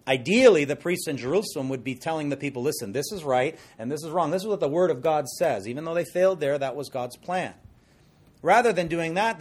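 A middle-aged man preaching an expository sermon as pastor, conversational and animated, with jokey asides. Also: fairly high pitch.

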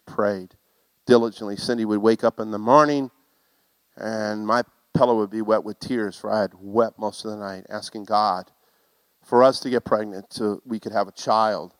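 A middle-aged man preaching a sermon through a personal story, animated and self-mocking, building to loud exclamations. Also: fairly low pitch, a little slow, clean tone, no room sound, rough recording.

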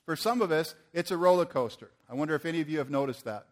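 A man's voice: a little high, fast talker. An older man preaching a sermon to a church audience, earnest and asking the room questions.

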